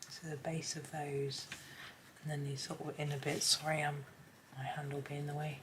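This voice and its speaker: A hoarse woman with a chatty, rambling manner talks casually while colouring, often dropping to a near whisper. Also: low voice, flat delivery, normal speed, background noise. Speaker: colouring channel host.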